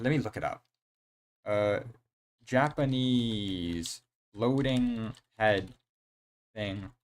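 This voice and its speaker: Excitable, rambling young streamer guy. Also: on the low side. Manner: rambling and excitable, full of slang and fillers. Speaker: game streamer. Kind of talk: casual live-stream chat.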